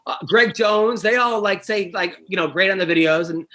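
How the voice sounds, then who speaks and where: A man who coaches wrestling, co-hosting a casual podcast chat in a rambling way that gets animated when he is annoyed. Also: high voice, normal speed, slight background noise. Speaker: podcast co-host.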